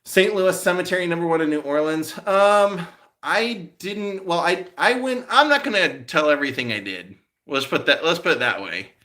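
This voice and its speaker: A man's voice: on the high side, normal speed, sharp tone. Rambling male vlogger chatting on a live stream. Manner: rambling storyteller with many restarts and fillers. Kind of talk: casual live-stream chat answering viewers.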